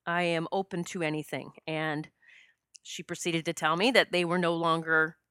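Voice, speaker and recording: A woman's voice: low voice, steady tone, moderate pace, bright, forceful tone, smooth, dry recording, clean studio sound. A woman hosting a podcast, telling a personal spiritual story and getting choked up as she talks. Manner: emotional, gets choked up. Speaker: podcast host.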